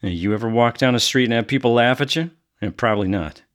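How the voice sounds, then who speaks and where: An actor playing a brooding adult son who coldly recounts his killings in a flat tone, flaring into anger. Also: medium pitch, fast talker, close to an everyday voice. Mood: guarded. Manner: flat, cold storytelling with bursts of anger. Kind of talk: audio drama acting.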